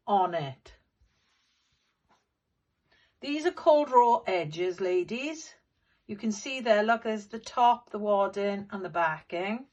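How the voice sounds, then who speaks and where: Unhurried woman teaching quilting. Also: medium pitch. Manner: patient, step-by-step instructing. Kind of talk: hands-on sewing demonstration. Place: sewing room at a machine.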